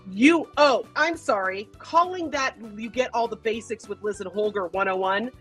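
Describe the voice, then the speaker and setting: A woman's voice: a little high, normal speed, a bit bright, breathy edge, faint music behind. A woman co-hosting a casual tech show, joking and swearing animatedly. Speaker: co-host. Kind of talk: casual banter.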